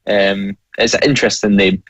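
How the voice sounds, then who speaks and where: A man who commentates on races, co-hosting a casual motorsport chat in a measured, explanatory way. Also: lowish voice, steady tone, fairly bright tone, no echo, poor audio. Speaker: race commentator and co-host.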